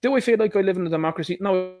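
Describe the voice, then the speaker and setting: Fast-talking, indignant Irish man. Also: sits high, a little mellow. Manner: indignant ranting with rhetorical questions. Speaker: live stream host. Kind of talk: opinionated political monologue.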